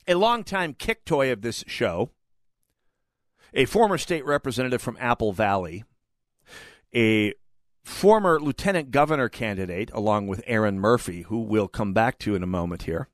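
A man's voice: mid-range voice, lively intonation, moderate pace, no room sound. A man hosting a talk radio show, giving opinionated commentary with emphatic, sarcastic delivery and indignant outbursts into a studio mic.

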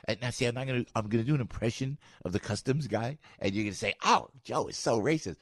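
An older man, hosting morning talk radio in a rambling, excitable way, with sudden squeaky jumps in pitch. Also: quick pace, no echo, clean studio sound. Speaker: radio morning show host. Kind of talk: animated talk radio monologue. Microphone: studio microphone.

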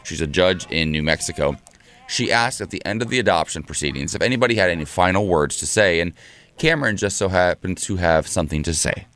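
A man's voice: low voice, quick pace, fairly bright tone. A man co-hosting a radio show, telling stories in a chatty, wry way. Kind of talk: casual storytelling chat.

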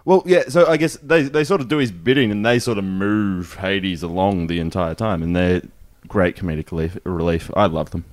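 Enthusiastic man with a low voice. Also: normal speed. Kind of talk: casual group chat.

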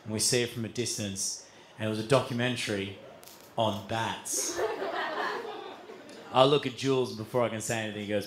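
An Australian man, a comedian, telling a live stand-up story in a loud, animated way, swearing and laughing as he goes. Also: a little high, brisk, a little hiss or hum. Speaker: comedian and podcast host. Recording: live stage recording.

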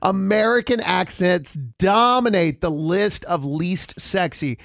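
A male radio host with a fairly high voice, bantering casually and reading out poll results with punchy emphasis. His voice is close and dry, with no room sound around it. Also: slow pace, fairly bright tone, no echo. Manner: leads the segment, reads out poll results with emphasis.

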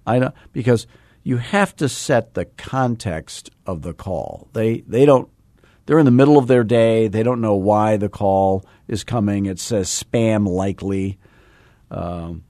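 Male sales coach, quick talker, low voice, dry close sound, jokey. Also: mellow, no room sound. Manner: fast-talking, admits talking too fast; jokey and self-deprecating while instructing. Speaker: real estate sales coach and host. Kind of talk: casual podcast teaching.

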